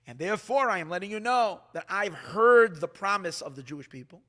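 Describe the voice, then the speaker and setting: Animated rabbi with a bright high voice. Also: male voice, fairly quick. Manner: animated, restarts often, acts out quoted dialogue. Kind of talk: sermon.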